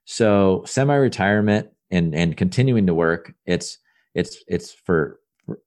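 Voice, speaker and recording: Low-voiced man rambling through restarts. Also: expressive, a little slow, darkish tone. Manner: rambling, with many restarts and repeated words; earnest and upbeat about his work. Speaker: entrepreneur guest. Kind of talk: casual podcast interview.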